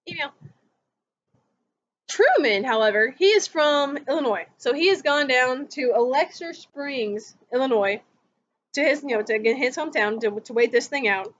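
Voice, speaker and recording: This is a woman who teaches history, lecturing informally at home on a recording, chatting her way through the story and dramatizing quotes. Her high voice is expressive and moderately paced, and the sound quality is dull and lo-fi.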